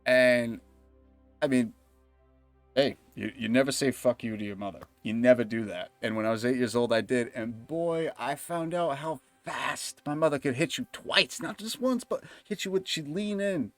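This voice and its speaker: A man's voice: medium pitch, no echo. A young man livestreaming a game, telling rambling, profane stories and laughing often. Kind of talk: casual chat while gaming.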